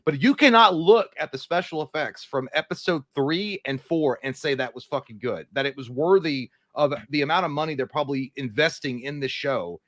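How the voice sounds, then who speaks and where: A man's voice: on the high side, normal speed, few pauses, a bit bright, no room sound. A man co-hosting a live movie stream, joking crudely and reading out viewer comments. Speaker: co-host. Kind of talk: casual live-stream chat.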